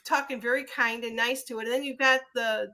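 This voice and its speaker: A woman hosting a casual chat, pausing often and searching for words. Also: fairly high pitch, steady tone, pushed and bright. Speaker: host.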